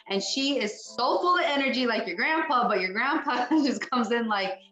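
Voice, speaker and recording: Woman psychic medium, chatty and rambling, crisp bright tone, echoey room. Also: on the high side, normal speed, few pauses, faint music behind. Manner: chatty, rambling, acts out spirit voices. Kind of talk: mediumship reading.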